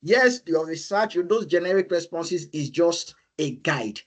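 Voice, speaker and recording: A man presenting career advice over an online call, his voice sitting a little high. He talks earnestly and repeats himself, pleading with listeners and checking that they understand. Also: unhurried. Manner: repetitive, pleading "please" and "you understand?". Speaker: webinar speaker.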